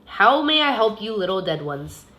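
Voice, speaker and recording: A woman voicing a smooth, greedy male gatekeeper of the dead with a silky, mocking manner. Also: mid-range voice, big pitch swings, moderate pace, pushed and bright. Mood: sly, silky.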